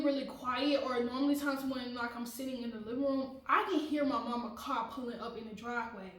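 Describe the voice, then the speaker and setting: A woman's voice: a little high, a bit bright, reverberant, far from the mic, poor audio. A woman vlogger telling a personal story in a casual, dramatic way, often laughing and talking straight to her viewers.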